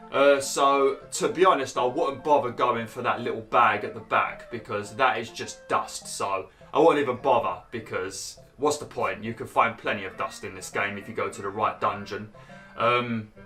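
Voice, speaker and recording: A young man commentating on his own gameplay in a chatty way, swearing and yelping when frustrated. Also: sharp tone. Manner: bursts into high exclaims when annoyed. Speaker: gaming YouTuber. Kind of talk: Let's Play commentary.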